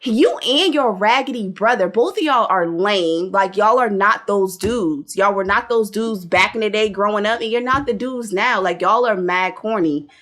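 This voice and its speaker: Blunt lady podcaster going off about a reality show, lively and slangy. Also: mid-range voice, normal speed, few pauses. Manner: blunt and animated, with lots of slang and cursing. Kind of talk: casual opinionated chat.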